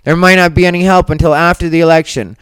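A woman's voice: lowish voice, fairly even intonation, quick pace, clear, resonant tone, no room sound, faint music behind. A woman hosting her own podcast, talking bluntly and defiantly in an unapologetic solo monologue. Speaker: podcast host. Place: Las Vegas.

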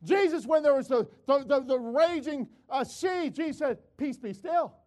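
An older man preaching a sermon, telling a family story with animated delivery and repeated words, calling out to his audience. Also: very high-pitched, normal speed.

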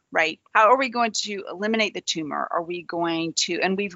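A woman's voice: fairly low pitch, pushed and bright, dry recording, highs cut off. A woman podcast co-host with a Southern American accent, talking in an upbeat, enthusiastic way and asking rhetorical questions. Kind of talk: casual podcast chat.

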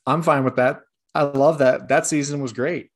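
A man's voice: medium pitch, fairly even intonation, moderate pace. A man co-hosting a sports podcast, teasing his co-host in a dry way. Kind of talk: casual sports podcast chat.

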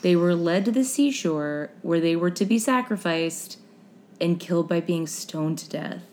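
A woman's voice: fairly low pitch, animated, a little slow, a little mellow, a little hiss or hum. A young woman hosting a casual chat podcast, reading history notes aloud with wry asides and stumbling over unfamiliar names. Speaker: podcast host.

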